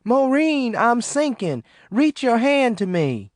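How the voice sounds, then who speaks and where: A man's voice: sits high, sing-song, normal speed, no echo, studio quality, voice pushed up. Man doing a snarling brute. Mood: desperate. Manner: snarling, shouting, cruel. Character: brutal, threatening young white Southern man. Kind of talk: audiobook character voice.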